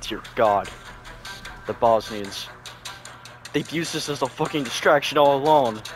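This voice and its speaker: A man doing a grim American commander with a low, muttered voice. He sounds grave and heavy, as if talking half to himself. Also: unhurried, faint music behind, lightly acted. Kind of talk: game roleplay voice acting.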